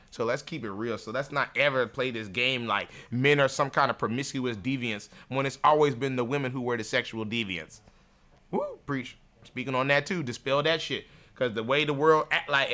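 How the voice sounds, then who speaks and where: A man's voice: mid-range voice, bright, forceful tone. A man hosting a livestream, delivering a crude, mocking rant with frequent laughter. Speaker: livestream show host.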